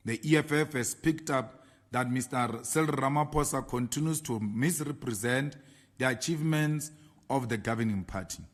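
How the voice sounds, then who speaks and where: A South African man, a party leader, reading a prepared political statement with slow, emphatic delivery of lists. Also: mid-range voice.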